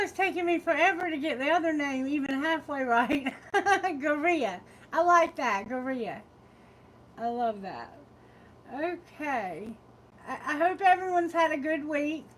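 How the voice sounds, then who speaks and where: A woman's voice: high-pitched, animated, unhurried, a bit bright, poor audio. A woman with a Southern American drawl, reading tarot on a live stream from her phone, chatty and laughing often as she greets viewers. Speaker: tarot reader.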